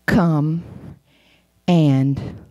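A woman's voice: steady tone, drawn-out words, darkish tone, highs cut off. Woman preaching with dramatic storytelling. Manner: dramatic storytelling, sudden drops to a whisper and jumps to high cries. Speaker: guest preacher. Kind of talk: sermon. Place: church.

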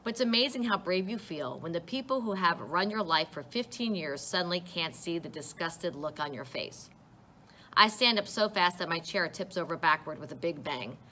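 A woman reading a first-person novel aloud in an expressive, conversational way. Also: fairly low pitch, moderate pace, slight background noise.

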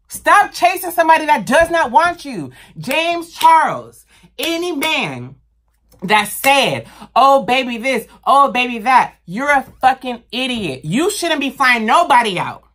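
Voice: sits high, a bit bright. Heated, profane vlogger ranting. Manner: slangy and blunt. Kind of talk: impassioned rant to camera.

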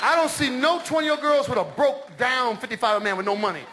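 Middle-aged male stand-up, very high voice, loud live crowd laughing behind him. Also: fairly quick, background noise. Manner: loud, animated, shouting punchlines. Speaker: stand-up comedian. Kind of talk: stand-up comedy routine. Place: large comedy stage before a live audience.

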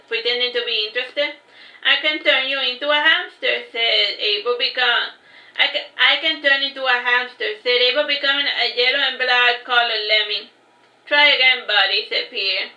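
Casting note: high, very bright woman reading her own story aloud, casual and unpolished. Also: echoey room, poor audio. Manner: unpolished reading with restarts and asides. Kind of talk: reading aloud a fantasy novel.

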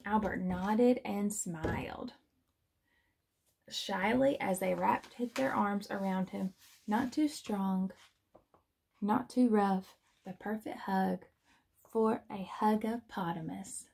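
A woman teacher reading a children's storybook aloud in a gentle, expressive manner. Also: mid-range voice, slow, creaky, slight background noise.

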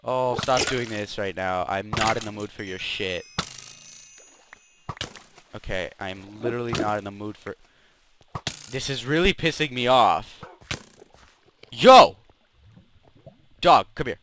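A man's voice: fairly low pitch, unhurried, pauses often, noisy background. A young man hosting a Minecraft let's play, grumbling, swearing and trash-talking the mobs as he plays. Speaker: gaming channel host.

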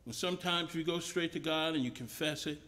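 High-voiced preacher, conversational. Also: male voice, brisk, bright, forceful tone. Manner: conversational, repeats and restarts phrases. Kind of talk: sermon. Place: mission chapel service.

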